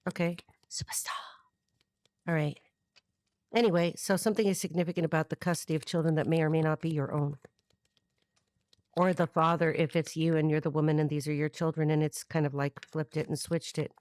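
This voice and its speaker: A woman's voice: low voice, fairly even intonation, fast, darkish tone, no room sound. A middle-aged woman from the United States giving a free-associating tarot reading, rambling and wisecracking with some profanity. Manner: rambling, free-associating, with sung snippets and put-on voices. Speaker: tarot reader. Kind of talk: freestyle tarot reading monologue.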